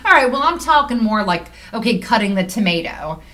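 Female host, mid pitch, hedging devil's advocate in casual chat. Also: sing-song, a little fast, fairly bright tone. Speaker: podcast host.

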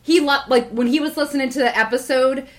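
Hesitant, slightly high-voiced female co-host. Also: fast. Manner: hesitant, self-deprecating, lots of "right". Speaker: podcast co-host. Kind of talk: casual podcast chat.

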